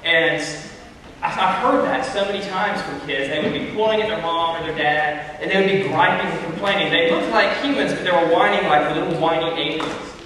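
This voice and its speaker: A man gives a storytelling Bible talk to children, chatting and asking them questions as he goes. His voice sits a bit high and comes from a distance. A long, roomy echo fills the church hall around him, with a faint hiss underneath. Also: fairly quick, pushed and bright. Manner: storytelling, conversational, addresses kids. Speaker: youth speaker. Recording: echoey hall, far from mic.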